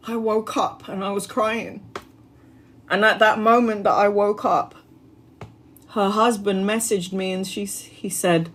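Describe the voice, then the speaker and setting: A woman's voice: medium pitch, steady tone, slow, slight background noise. A woman tarot reader telling a personal story on a livestream in an earnest, heartfelt, spiritual way.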